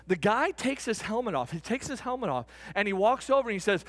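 A middle-aged man, a pastor, telling a story in a sermon, animated and swinging from shouts to hushed tones. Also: sits high, fast talker, few pauses.

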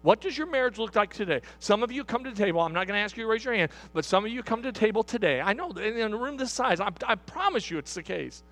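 A man's voice: high-pitched, lively intonation, quick pace, few pauses, fairly bright tone. A middle-aged man, a pastor, preaching a sermon in a church hall, driving points home with repeated questions to the congregation.

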